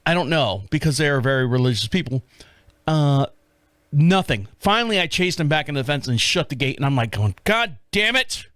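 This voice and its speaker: A man in his fifties hosting his own show, telling a rambling story from his rural life with lots of swearing, acting out his own shouting in a high, loud voice. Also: fairly quick, no echo, studio quality. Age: 50s. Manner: profane, animated storyteller who acts out his own yelling. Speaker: podcast host. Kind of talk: casual solo storytelling.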